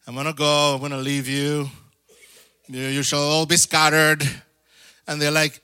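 A man preaching a sermon in an animated way, acting out little voices, laughing and calling for amens. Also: a little high, normal speed, smooth, dry recording, studio quality. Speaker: pastor.

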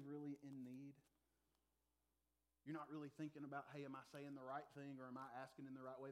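Man, middle-aged, pastor, sermon, chatty storytelling, laughs at himself, average pitch.

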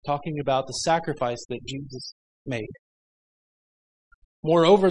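A man's voice: fairly high pitch, low-quality recording. A middle-aged man teaching a church Bible class, reading scripture aloud in a loose, joking, conversational way.

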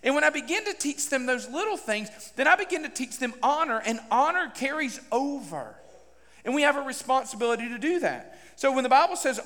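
A middle-aged male pastor delivers a sermon with an animated, questioning style. His voice sits high for a man. The sound carries a long reverb from a large church hall. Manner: animated, direct questions to the congregation.

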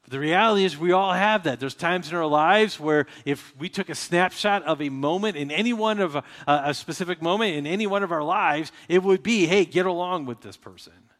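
A man's voice: high voice, brisk, hardly any pauses, fairly bright tone, big-room sound. A man preaching a sermon as pastor, talking in a conversational way and acting out quoted voices.

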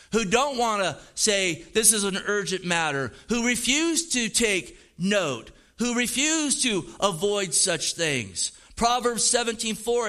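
A man's voice: sits high, pushed and bright. A man preaching a sermon as pastor, emphatic and casual, with slang.

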